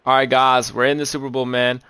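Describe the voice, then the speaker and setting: A young man calling his own football video game, nervous and excited, swearing and saying "man" and "bro" a lot. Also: mid-range voice, fairly quick, smooth, no echo. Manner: hyped, anxious play-by-play, swears, says "man" and "bro" a lot. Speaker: gaming YouTuber. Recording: game music playing loud underneath. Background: video game music.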